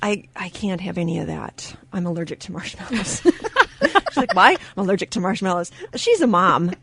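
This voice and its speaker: A woman hosting a radio talk show in a studio, telling stories with lively quoted voices and frequent laughter. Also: lowish voice, moderate pace, creaky, husky. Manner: animated storyteller, acts out quoted voices; laughs often mid-sentence. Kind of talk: casual radio chat.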